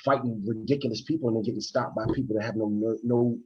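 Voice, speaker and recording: Husky man in lively sports chat. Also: on the low side, fast, muffled recording. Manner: animated storytelling, frequent restarts. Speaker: podcast co-host.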